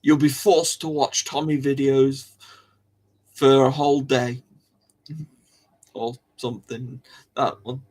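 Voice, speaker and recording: A young man hosts a casual live stream from home. His voice sits at an ordinary middle pitch, and he rambles from one thought to the next, cutting himself off mid-word and breaking into small giggles. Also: little pitch movement, slow, long pauses, darkish tone. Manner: rambling, chatty, giggles often, self-interrupting.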